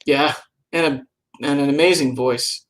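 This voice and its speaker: A man's voice: fairly high pitch, steady tone, measured pace, fairly bright tone. A man co-hosting a casual live-stream chat, playful and rambling. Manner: chatty and playful, rambling and humming to himself. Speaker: podcast co-host.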